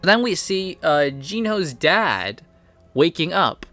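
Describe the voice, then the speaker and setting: A man's voice: fairly high pitch, very animated, slow pace, bright, forceful tone, soft background music. A man casually recapping and reviewing comic chapters, rambling along with plenty of "like" and "you know".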